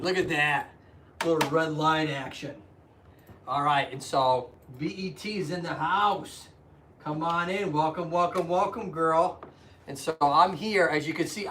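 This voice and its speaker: A man's voice: a little high, bright, forceful tone, a little hiss or hum. A chatty man hosting a casual live stream, greeting viewers by name and explaining anatomy with rambling asides. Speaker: physical therapist and live streamer. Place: indoors at home.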